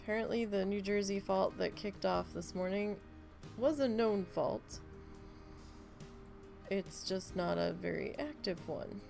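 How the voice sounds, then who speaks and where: Brief: woman streamer, mid-pitched, gravelly edges, chatty rambler who swears freely, faint game music underneath. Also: a little slow, pauses often, darkish tone. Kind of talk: casual live-stream chat while playing.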